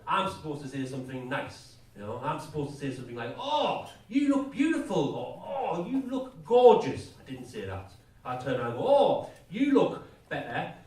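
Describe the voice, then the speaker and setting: English man, stand-up comic, lively swooping delivery, echoey club recorded from far off, crowd laughing. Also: mid-range voice, slight background noise. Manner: crude, self-deprecating, deadpan asides with rising rants. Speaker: stand-up comedian. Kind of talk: stand-up routine. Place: comedy club stage.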